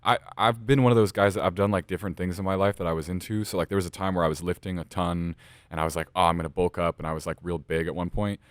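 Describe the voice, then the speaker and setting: A man's voice: low voice, steady tone, fast talker, no room sound, studio quality. A male podcast host chatting casually in an interview, enthusiastic and talkative. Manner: chatty, enthusiastic, talks at length.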